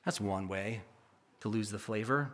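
A man's voice: on the low side, measured pace, a bit bright. A male pastor preaching a sermon in church, reading scripture aloud with emphasis and explaining it.

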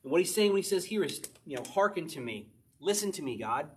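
A married man preaching a sermon, moving from quick personal asides to slow, emphatic scripture reading. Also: a little high. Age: adult, married. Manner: animated preaching, shifts between fast asides and slow emphatic verse reading. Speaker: pastor.

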